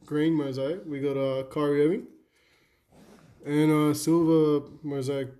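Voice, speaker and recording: A man's voice: fairly high pitch, level tone, measured pace, mellow. A young Australian man co-hosting a card-opening video, casually reeling off card names and swearing through the banter. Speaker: card-break co-host.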